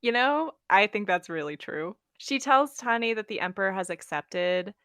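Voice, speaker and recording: A woman's voice: mid-range voice, animated, normal speed, fairly bright tone, dry recording, studio quality. A woman co-hosting a podcast, recapping a book's plot in a chatty, casual way with frequent laughs. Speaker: podcast co-host. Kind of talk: casual book discussion.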